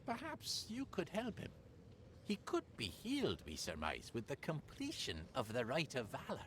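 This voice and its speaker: Cryptic, aloof Fae. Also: male voice, a little high, huge pitch swings, moderate pace, fairly bright tone, a little hiss or hum. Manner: solemn, mysterious, formal. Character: cryptic male Fae being, aloof and strange. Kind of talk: video game voice acting.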